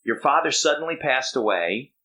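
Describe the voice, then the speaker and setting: A male interviewer from New Jersey who sums up the guest's story and prompts him with quick "right?" checks. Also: medium pitch, lively intonation, sharp tone, rough recording. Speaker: interviewer, host.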